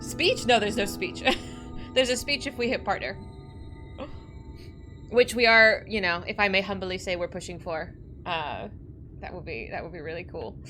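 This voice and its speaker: Soft music plays behind this woman's medium-pitched voice, which sounds pushed and bright, moves at normal speed, and pauses often. It's casual livestream chatter during a video game, where she's giggly and emotional, frequently laughs through tears, and keeps starting over.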